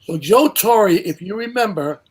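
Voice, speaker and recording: An older man telling casual anecdotes as a guest, animated and acting out the people he quotes. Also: high voice, unhurried, husky. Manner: animated storyteller who acts out quotes. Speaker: guest storyteller.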